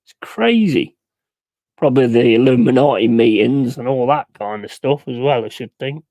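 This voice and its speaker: A man hosting a football watch-along stream, talking casually and swearing freely, swinging from loud outbursts to low mumbled asides. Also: steady tone, brisk, no room sound. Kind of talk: casual live-stream chat.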